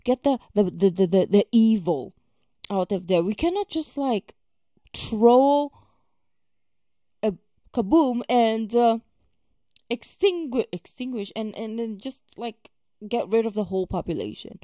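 Slow-talking woman reacting with exasperation. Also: fairly high pitch, lively intonation, warm tone, no echo, clean studio sound. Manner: emphatic, exasperated, with many fillers. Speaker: reaction video host. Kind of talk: casual reaction commentary.

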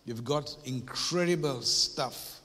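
A man's voice: medium pitch, slow, sharp tone, a little hiss or hum. A man speaks to a church audience on a handheld mic, his voice in the middle range for a man. He is chatty and playful, then leans into emphatic, preacher-like declarations, often tossing in tag questions. The sound carries a long reverb from the church auditorium. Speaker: guest workshop speaker at a church. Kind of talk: conversational church workshop talk.

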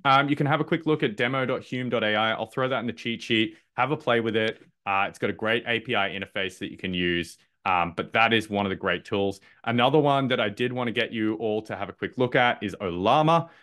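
A man runs a live online masterclass in a fairly low voice. He talks loosely and upbeat, stumbling through restarts and ums as he goes. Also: a bit bright. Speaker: masterclass presenter. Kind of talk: live webinar presentation.

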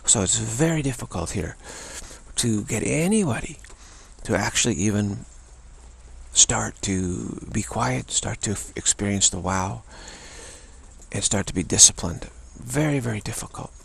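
A man giving an unscripted spiritual talk, halting and repeating words between pauses. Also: lowish voice, animated. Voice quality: gravelly, husky. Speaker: spiritual teacher.

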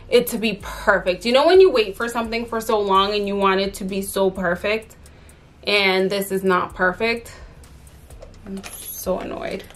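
A young adult woman, a fashion vlogger, chats casually through a handbag unboxing, sounding exasperated and using lots of fillers. Her voice is mid-range with a fairly bright tone.

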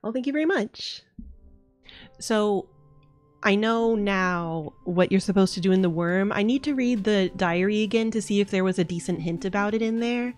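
A young woman streaming a game, chatting casually and excitably and swearing freely. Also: medium pitch, normal speed, soft background music. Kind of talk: casual live-stream chat.

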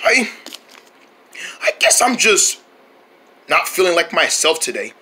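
This is a grumpy young male character who sulks and grumbles through a home-made comedy skit, voiced by a performer. The voice is very bright and sharp, and the pitch jumps around a lot. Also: sing-song, takes it slowly, exaggerated voice. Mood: sulky. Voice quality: sulky, grumbling and sometimes yelling. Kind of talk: homemade comedy skit voice acting.

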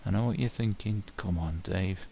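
A man's voice: sits low, moderate pace, vocal fry, dark tone, slight background noise. A man with a Yorkshire accent giving chatty, self-mocking commentary as he plays a video game. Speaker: let's play host. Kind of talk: casual gameplay commentary.

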